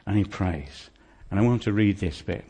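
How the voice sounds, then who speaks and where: A man's voice: lowish voice, normal speed, dark tone, slightly rough. A man preaching a sermon, retelling a scripture story in a vivid, conversational way, often asking his listeners questions. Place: church hall.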